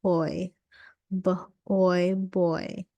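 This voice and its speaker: A woman teaching English vowel sounds in a slow, patient lesson, repeating each sound and saying "okay" often. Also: lowish voice, level tone, dark tone, dry recording, lo-fi sound.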